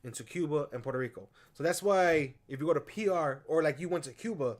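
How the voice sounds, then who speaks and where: A man's voice: a little high, fast talker. Tipsy, rambling podcast man. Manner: rambling, swears a lot, grows loud when excited. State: tipsy from whiskey. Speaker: podcast co-host. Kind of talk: casual drunken chat.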